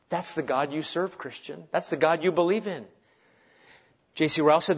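A middle-aged man preaching a sermon as pastor, swinging between loud urgent delivery and soft hushed tenderness. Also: a little high, normal speed, long pauses, breathy edge. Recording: dull lo-fi sermon recording.

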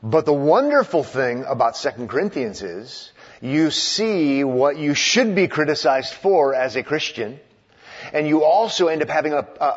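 A man's voice: on the high side, slightly rough, highs cut off. A man preaching as a guest in a church, talking from the podium with playful teasing that turns earnest. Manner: playful, teasing the congregation before turning earnest. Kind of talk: sermon.

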